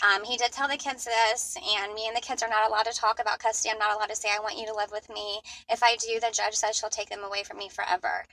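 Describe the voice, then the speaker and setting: A woman's voice: on the high side, flat delivery, fast talker, few pauses, pushed and bright, rough recording. A woman recording a personal vlog in her car, talking in an upset, rambling way with many restarts. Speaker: mother in a custody dispute. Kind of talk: personal vlog while driving.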